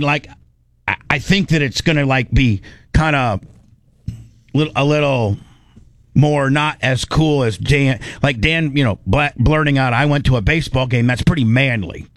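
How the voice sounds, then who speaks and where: A man hosting a podcast in casual chat, talking in halting, rambling, self-deprecating bursts. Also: mid-range voice, a bit bright, dry recording, clean studio sound. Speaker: podcast host.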